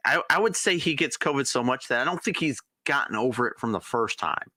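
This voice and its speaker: A man's voice: mid-range voice, expressive, fairly quick, bright, forceful tone, dry recording. A man co-hosting a casual beer stream, throwing in teasing, jokey asides. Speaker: co-host of a beer and sports stream. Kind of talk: casual chat.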